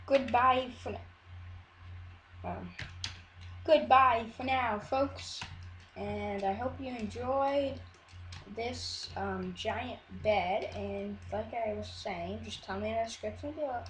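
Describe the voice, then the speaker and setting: A woman's voice: medium pitch, reverberant, a little hiss or hum. A woman chatting casually over her gameplay video, rambling and often cutting herself off. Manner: rambling, chatty, self-interrupting. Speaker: Minecraft video maker.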